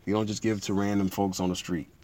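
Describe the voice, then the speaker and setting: A man preaching in a relaxed, conversational way, repeating himself and building to emphatic peaks. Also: fairly low pitch, fast. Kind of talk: informal sermon teaching.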